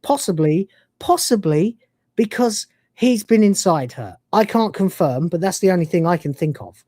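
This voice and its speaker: A man's voice: high-pitched, animated, moderate pace, warm tone, no echo, clean studio sound. A man hosting a live review stream, ranting and swearing in exasperation. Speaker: host.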